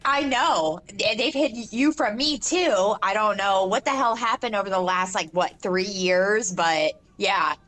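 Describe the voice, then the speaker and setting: A woman calling into a show, chatting in an excited, chatty way. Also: mid-range voice, unhurried, hardly any pauses. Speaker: caller. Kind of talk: casual call-in chat.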